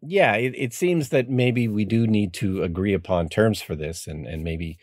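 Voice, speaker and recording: A man co-hosting a podcast, speaking in a measured, earnest way. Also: fairly low pitch, darkish tone, no room sound, clean studio sound. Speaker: podcast co-host. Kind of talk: casual podcast chat.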